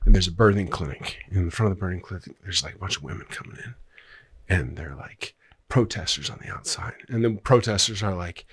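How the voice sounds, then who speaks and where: A man's voice: low voice, lively intonation, a little fast, a bit bright, slightly rough. A man on a podcast, a screenwriter guest, casually retelling a story in a rambling way and swearing loosely. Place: podcast studio.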